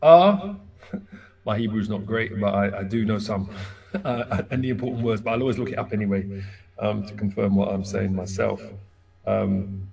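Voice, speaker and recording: A man teaching a casual Bible word study, halting and correcting himself as he repeats Hebrew sounds, sometimes laughing at his own pronunciation. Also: lowish voice, vocal fry, darkish tone, breathy edge.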